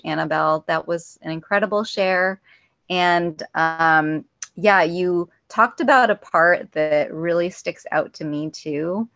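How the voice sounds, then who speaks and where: Low-voiced woman on a dull call line. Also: gravelly, dry recording. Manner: soft-spoken, reflective, many fillers. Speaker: meeting member sharing. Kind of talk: casual personal share. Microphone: phone or weak call connection. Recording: dull, dry call audio.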